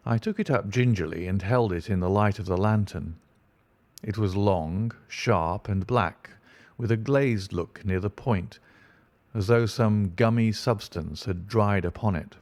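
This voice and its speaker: Slow, steady male audiobook narrator. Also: fairly low pitch, dry recording. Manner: steady, descriptive storytelling.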